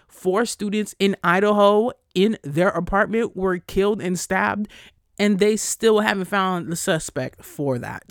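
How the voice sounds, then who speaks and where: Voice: mid-range voice, dry recording, clean studio sound. A podcast host ranting heatedly, swearing constantly and peppering the talk with "like". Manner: heated, profane, fast-cutting rant; frequent cursing and "like" fillers. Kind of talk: solo podcast rant.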